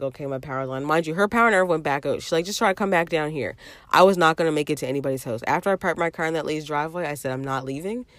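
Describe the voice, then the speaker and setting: A woman's voice: deep voice, no room sound. A woman in her thirties telling a rambling story to her viewers in a casual vlog, repeating phrases and often calling out to them directly. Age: 30s. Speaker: vlogger.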